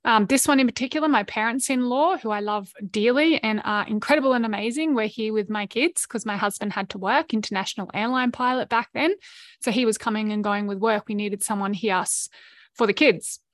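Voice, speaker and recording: A middle-aged Australian woman hosting a podcast, telling a personal story in an earnest, emotionally open way with quick asides. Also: fairly high pitch, dry recording, clean studio sound. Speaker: podcast host. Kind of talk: candid personal storytelling monologue.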